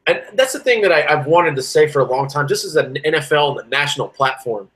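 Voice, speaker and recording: A podcast co-host speaks fast on a sports show, chatting casually and ranting animatedly, his energy swinging from loud to low. The recording is low quality.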